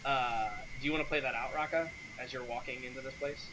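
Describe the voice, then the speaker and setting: A male game master who narrates a tabletop scene in a relaxed, meandering way, with plenty of ums. His voice is bright, and a faint hiss of noise runs behind it. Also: medium pitch, fairly quick, poor audio. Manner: relaxed, many fillers.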